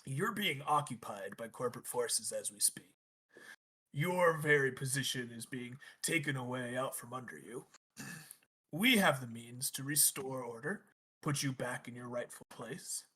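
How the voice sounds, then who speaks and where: A man playing a brash space rogue who pitches a deal in a low, conspiratorial, persuasive voice. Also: measured pace, pushed and bright, husky. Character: brash smooth-talking male space rogue.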